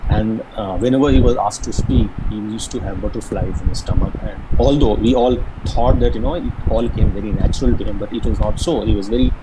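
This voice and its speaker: Man, lowish voice, career guidance speaker, pauses and fillers, air conditioning hum and traffic behind. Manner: measured, hesitant with frequent fillers. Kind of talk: online career guidance talk.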